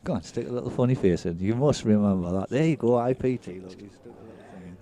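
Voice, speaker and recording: Male British commentator, banter-heavy, laughs a lot, low and warm. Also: fast talker. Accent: British English. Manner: chatty, jokey, laughs often. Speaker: pool commentator. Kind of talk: live sports commentary, casual banter.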